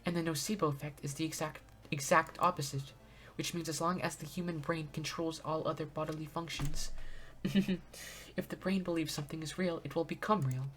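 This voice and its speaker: A man voicing a refined young woman who explains things softly and formally in a game. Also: on the high side, steady tone, moderate pace, voice pushed up, lightly acted. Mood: explaining.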